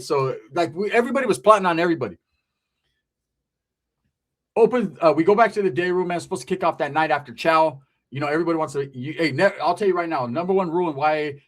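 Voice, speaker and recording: Male guest from California, casual profane storyteller who plays out the voices, slightly raised pitch. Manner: profane, animated, acts out quoted voices. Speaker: guest recounting his past.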